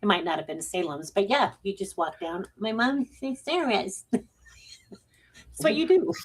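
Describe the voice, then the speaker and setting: A woman's voice: mid-range voice, unhurried, breathy edge. Playful woman hosting a livestream. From United States. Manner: playful and teasing, casual swearing. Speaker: psychic medium host. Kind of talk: casual livestream chat.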